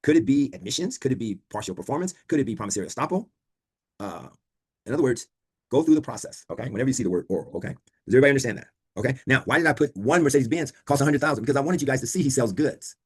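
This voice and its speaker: A man's voice: medium pitch, lively intonation, racing, husky. A man teaching a law class over a video call, quizzing students and repeating key points. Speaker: law instructor. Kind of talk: online class lecture.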